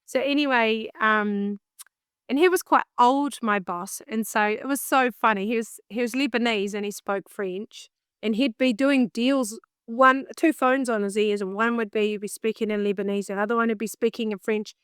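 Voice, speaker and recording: A woman with a New Zealand accent telling a story in a casual interview, lively and acting out her own past thoughts. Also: fairly high pitch, normal speed, smooth, no echo, clean studio sound. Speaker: guest, singer and vocal coach.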